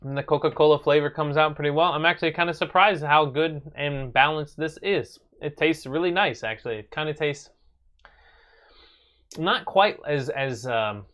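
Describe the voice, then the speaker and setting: A man's voice: a little high, moderate pace, a bit bright. A young man hosting a casual live stream from his apartment, chatting with viewers in a rambling way with many fillers.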